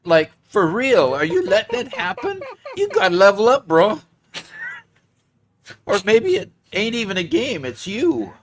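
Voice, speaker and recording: Man doing a cocky young bro, street slang, swaggering, very high-pitched. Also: very animated, measured pace, fairly bright tone, a little hiss or hum, exaggerated voice. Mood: taunting.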